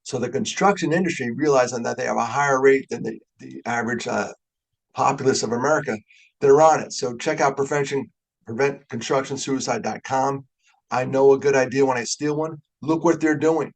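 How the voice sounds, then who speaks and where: A man's voice: medium pitch, brisk, gravelly, rough recording. A middle-aged man from New York giving a conversational webinar talk, joking and openly emotional as he goes. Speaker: guest speaker.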